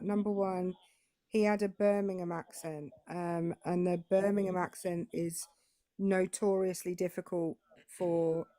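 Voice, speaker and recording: A woman's voice: fairly low pitch, no echo, studio quality. A British woman with a British English accent, explaining in casual panel chat. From Britain. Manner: explanatory, lively, talks it through.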